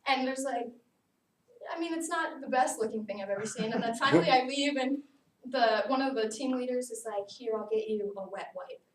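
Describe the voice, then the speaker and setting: A young woman tells a personal story in a speech, her voice high and animated, full of casual "like"s. She sounds a little distant from the mic in an echoey room, with a faint hiss behind her. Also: a little fast. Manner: lively storytelling, often saying "like". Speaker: student speaker. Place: classroom.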